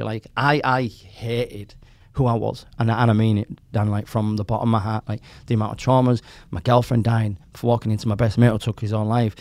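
A man in his forties talks fast and animated, spilling out stories and quoting people as he goes. His voice is close and dry, with no room sound around it. He sits in the middle range in pitch. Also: vocal fry, no echo. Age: 40s. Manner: animated storytelling, swearing, quoting others. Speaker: podcast guest. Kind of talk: casual chat.

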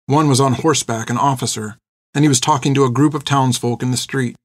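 This audiobook is narrated by a man whose mid-range voice stays steady and measured. The sound is clean studio audio without any room sound.

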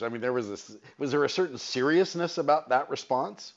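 Chatty sports radio host. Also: male voice, mid-range voice, expressive, a little fast, few pauses, lo-fi sound. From San Fernando Valley, California. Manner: chatty, wordy questions.

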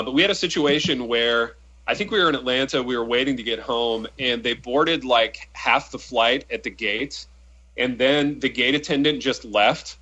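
A man co-hosting a casual podcast chat, telling a long travel story in a relaxed, rambling way with lots of fillers. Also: medium pitch, dull audio. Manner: laid-back, rambling anecdote telling with fillers. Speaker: podcast co-host.

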